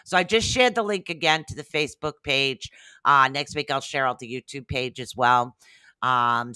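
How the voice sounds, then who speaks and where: Chatty and prone to drifting off the subject, this man rambles his way through a casual livestream he hosts. He has a medium pitch and a sharp yet smooth tone, with no echo.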